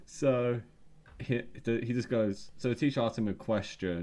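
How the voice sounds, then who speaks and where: A man co-hosting a podcast, retelling scenes in casual chat with quick quoted lines. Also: medium pitch, dark tone. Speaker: podcast co-host.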